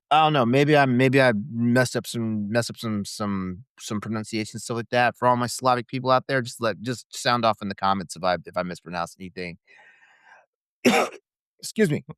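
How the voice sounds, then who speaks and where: A man's voice: medium pitch, normal speed, a bit bright, smooth, dry recording, clean studio sound. A man co-hosting a gaming podcast, casually chatting and reading out game descriptions with small stumbles. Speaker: podcast co-host.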